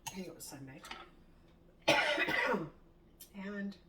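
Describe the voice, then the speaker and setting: A middle-aged woman chatting casually in her home kitchen while she cooks, telling a story with animated quoted lines and the odd swear. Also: mid-range voice, drawn-out words. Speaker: home cooking vlogger. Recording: distant mic, faint room noise.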